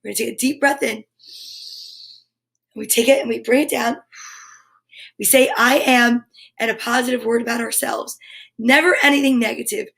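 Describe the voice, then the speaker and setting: High-voiced upbeat woman storytime host. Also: steady tone, normal speed, gravelly, long pauses, a bit bright. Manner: upbeat and encouraging, leads breathing and chants. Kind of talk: live children's storytime with affirmations and read-aloud. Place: home studio for a live stream.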